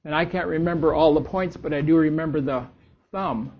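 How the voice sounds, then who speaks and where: A man leading a church group in reading scripture aloud, slow and deliberate, stressing the key words. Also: a little high. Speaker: church class leader. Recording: dull lo-fi recording.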